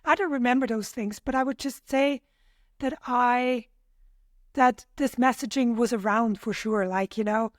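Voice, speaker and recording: With a slightly high voice and a slightly slow pace, an Austrian woman whose mother tongue is German reflects on her experiences as a podcast guest. Her speech is hesitant and considered, full of fillers. The sound is a clean studio recording with no echo.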